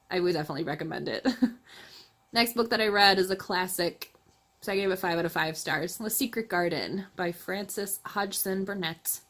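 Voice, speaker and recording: A woman hosting her channel, chatting casually about books she read, laughing often and correcting herself as she goes. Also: lowish voice. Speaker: book reviewer, channel host. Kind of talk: casual book review chat.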